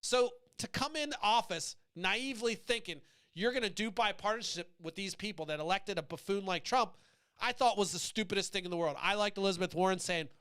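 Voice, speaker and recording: High, bright-voiced man ranting bluntly. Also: fairly quick, smooth. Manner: blunt, provocative, swearing freely, goes off on tangents. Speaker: podcast host. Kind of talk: profane political rant.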